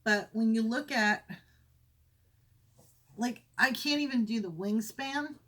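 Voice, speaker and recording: Chatty woman knitting podcaster, slow talk. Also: a little high, fairly bright tone. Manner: chatty, rambling, self-correcting. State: briefly out of breath. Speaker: crafting podcast host. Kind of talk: casual chat. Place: home craft room with windows.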